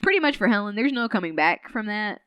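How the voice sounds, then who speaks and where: A woman podcast host casually recapping a novel, full of fillers and quick acted-out character lines. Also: medium pitch, very animated, a bit bright, clear, resonant tone. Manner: chatty, many fillers, acts out characters' lines.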